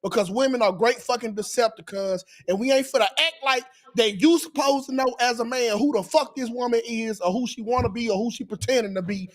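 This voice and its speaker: A man's voice: very high voice, a little fast, few pauses. A man co-hosting a podcast, arguing his point emphatically and profanely in casual chat.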